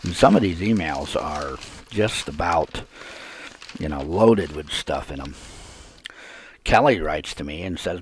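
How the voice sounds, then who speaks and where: A man's voice: sits low, lively intonation, unhurried, long pauses, slightly rough. A man hosting a live call-in podcast, ranting indignantly and repeating himself. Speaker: podcast host.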